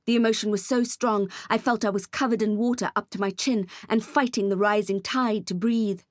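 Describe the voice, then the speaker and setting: A woman's voice: medium pitch, steady tone, moderate pace, no echo. A woman narrating a first-person audiobook with an intense, emotional delivery on a close studio mic.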